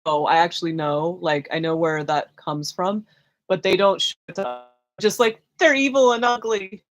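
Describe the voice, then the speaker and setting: A woman's voice: sits low, steady tone, normal speed. A young woman hosting a live spiritual Q&A stream, rambling casually with lots of fillers, restarts and giggles. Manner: chatty, self-conscious, many fillers and restarts, giggly. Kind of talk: casual rambling livestream chat.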